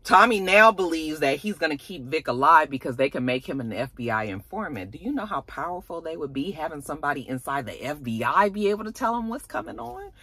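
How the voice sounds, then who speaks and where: A young adult woman recapping a TV episode in a sassy, animated, casual way, acting out the characters' lines. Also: sits low, brisk, hardly any pauses, slightly rough, no echo. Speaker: TV show reviewer.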